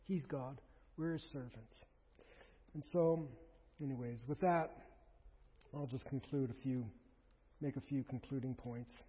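A man preaching a sermon as pastor, conversational and animated, with asides and quoted voices. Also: medium pitch, measured pace, pauses often, husky. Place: church sanctuary. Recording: dull sound with long reverb in a hall.

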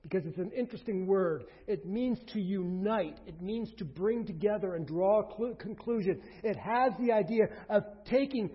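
A pastor preaching a sermon, emphatic, with rhetorical questions, swinging between loud and hushed. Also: male voice, high-pitched, normal speed, few pauses, slightly rough. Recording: reverberant hall, dull lo-fi sound.

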